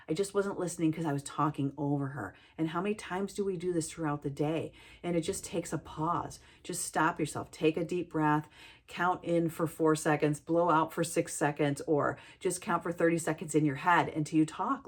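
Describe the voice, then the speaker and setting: A woman's voice: sits low, slightly rough. A middle-aged woman, a healthcare worker, giving an earnest, heartfelt reflective talk about listening.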